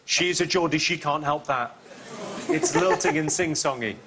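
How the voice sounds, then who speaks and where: A man hosting a comic quiz show in a TV studio, delivering dry, deadpan one-liners. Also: on the high side, moderate pace, a crowd in the background. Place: TV studio with live audience. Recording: studio with clear audience laughter.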